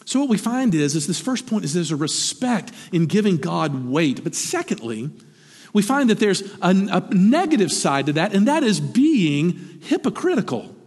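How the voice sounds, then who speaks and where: Animated male preacher in a reverberant hall. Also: high voice, moderate pace, breathy edge. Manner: animated, conversational preaching with rhetorical questions. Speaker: pastor. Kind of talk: sermon. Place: church sanctuary.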